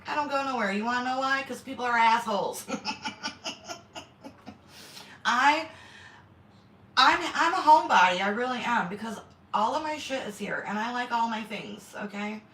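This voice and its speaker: Her voice is on the high side, animated, and fairly bright, moving at a normal speed. She's a middle-aged woman hosting a homestead channel's casual livestream from her kitchen, talking bluntly, swearing, and welcoming viewers by name. The echoey room, distant mic, and faint noise color the recording.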